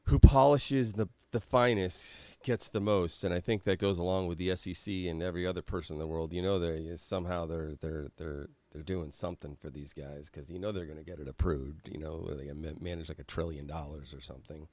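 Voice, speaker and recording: A man's voice: very deep voice, fairly even intonation, a little fast, hardly any pauses, dry recording. A man hosting a casual podcast, talking in a rambling way with frequent fillers and laughter. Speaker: podcast host. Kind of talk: casual chat.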